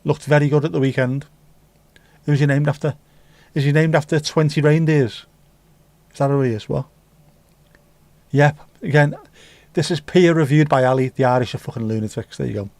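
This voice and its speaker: A man's voice: on the high side, normal speed, a little mellow, no echo. A man hosting a livestream, chatting casually and reading out viewer comments with rambling, jokey asides and free swearing. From England. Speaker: livestream host.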